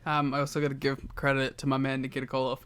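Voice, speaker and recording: A man's voice: medium pitch, monotone, quick pace, a bit bright, smooth, dry recording. A young adult man co-hosting a podcast, chatting casually and playfully about wrestling and joking with his co-host. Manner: playful, jokey, laughs often. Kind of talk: casual chat recapping wrestling shows.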